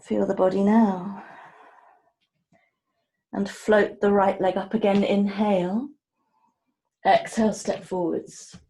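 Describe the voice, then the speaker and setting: Slow, soft-spoken woman yoga teacher. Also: medium pitch, level tone, echoey room, rough recording. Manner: slow, soft-spoken cueing of breath and movement. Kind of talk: guided yoga class instruction.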